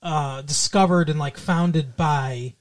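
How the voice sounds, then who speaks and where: A man's voice: fairly high pitch, slow. A man from Minnesota, co-hosting a podcast in casual chat, rambling with many restarts and fillers. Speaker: podcast co-host.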